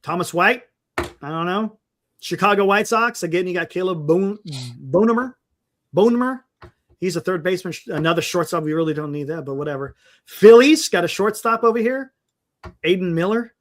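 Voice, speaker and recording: A man's voice: high voice, lively intonation, normal speed. A man hosting a casual sports talk livestream, thinking aloud and reading names off a list in a rambling way. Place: home livestream setup. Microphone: desktop mic on a live stream.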